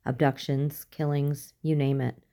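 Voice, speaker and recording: A woman reading the lines of a stern male general in a measured, authoritative way. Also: low-pitched, level tone, creaky, dark tone. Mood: grave.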